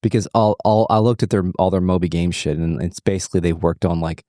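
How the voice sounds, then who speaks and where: A man's voice: deep voice, fast, warm tone, no echo, clean studio sound. A man co-hosting a podcast, chatting casually while playing a game, rambling and swearing. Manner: rambling, swearing, trails off and restarts. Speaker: podcast co-host.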